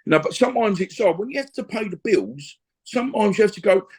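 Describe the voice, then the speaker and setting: A middle-aged man with a husky voice that sits a little high. He talks in a loose, rambling way and keeps adding "you know what I mean" as he tells a story in an interview. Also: lively intonation, fast, darkish tone. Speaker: interview guest, former boxer and gym owner. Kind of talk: conversational storytelling.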